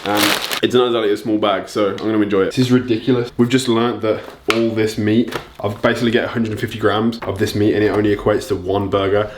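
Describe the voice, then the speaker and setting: A young man with a fairly low voice talks through his meals in a home kitchen. His delivery is loose and chatty, with frequent swearing and jokes about his own mistakes. A faint hiss sits under the voice. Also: little pitch movement, fast talker, hardly any pauses. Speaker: fitness vlogger. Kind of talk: casual cooking and diet vlog.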